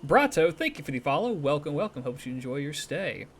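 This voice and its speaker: A man's voice: on the high side, big pitch swings, a little fast, slightly rough. A man streamer talking casually and animatedly to his viewers, swearing freely as he rambles through opinions and sign-offs.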